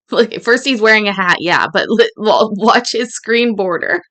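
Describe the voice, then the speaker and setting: A woman's voice: mid-range voice, a little slow, a bit bright. A woman hosting a casual reaction stream, laughing and swearing freely as she comments on clips. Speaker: host reacting to court clips.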